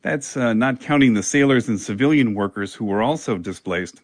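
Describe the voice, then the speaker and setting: Male field reporter, measured and plain, dry close mic. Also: medium pitch, no echo. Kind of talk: news reporting.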